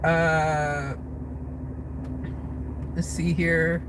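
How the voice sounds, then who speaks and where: With background noise around him in a car, an American vlogger's slightly high voice shows little pitch movement and drawn-out words. He reads live chat comments during a Q&A stream and answers in a rambling, hedging manner, often restarting.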